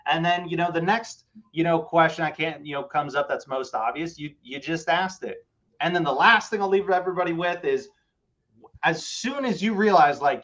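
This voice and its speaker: Male co-host, animated, slightly high voice, dull lo-fi call audio. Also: normal speed. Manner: animated, acts out phone calls. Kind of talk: casual coaching chat.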